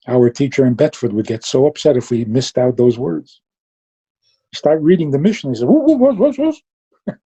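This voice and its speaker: Dark, husky-voiced man giving a Chassidic talk. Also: mid-range voice, lo-fi sound. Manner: lively storytelling, mixing Yiddish and Hebrew terms. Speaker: Chassidic teacher.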